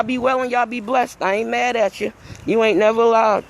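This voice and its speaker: A woman's voice: on the high side, fairly even intonation, moderate pace, creaky. A middle-aged woman hosting her own show, talking in a rambling, emphatic, folksy way in a casual vlog. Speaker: talk show host.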